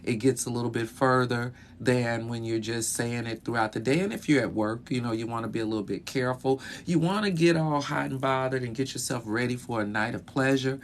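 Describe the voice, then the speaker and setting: A man speaks at an ordinary, middle pitch in a loose, conversational way, dropping easy fillers as he gives advice as a clinical sexologist. He records from inside a small bedroom closet, with a faint hum of ambience behind him. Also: brisk, hardly any pauses. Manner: relaxed, conversational, many "you know" fillers. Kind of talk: casual advice talk.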